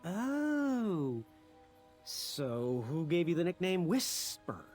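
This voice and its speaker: An actress playing an eager, curious character who peppers a hero with questions, heard in game audio over music. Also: female voice, lowish voice, big pitch swings, extremely slow, darkish tone, heavily acted. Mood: inquisitive. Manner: eager, inquisitive.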